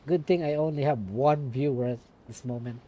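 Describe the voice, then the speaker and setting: A woman's voice: a bass voice, moderate pace, mellow, a little hiss or hum. A young woman streamer reading a story aloud with playful, self-mocking asides.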